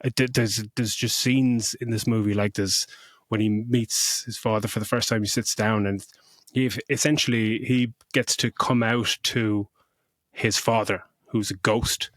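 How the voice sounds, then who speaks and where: A man's voice: fairly low pitch, measured pace, no echo, studio quality. A middle-aged man co-hosting a podcast, gushing about a film in casual chat and swearing freely. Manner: effusive, swears freely, animated retelling. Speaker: podcast co-host. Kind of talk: casual movie review chat.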